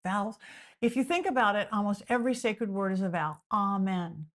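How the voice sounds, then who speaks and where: A woman talking as a podcast guest, explaining her ideas in animated, repetitive lists and sometimes acting out the voices of imagined people. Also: mid-range voice, fast talker. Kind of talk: explanatory interview talk.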